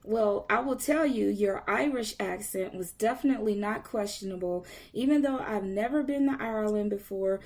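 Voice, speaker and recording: A woman hosting a podcast interview, eager and quick to laugh and praise her guest. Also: mid-range voice, darkish tone. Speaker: podcast host. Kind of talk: casual interview chat.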